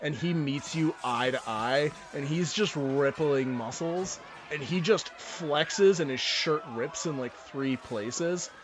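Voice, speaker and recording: A man's voice: fairly high pitch, takes it slowly. A man narrating as game master in a tabletop role-playing game, loose and laughing often.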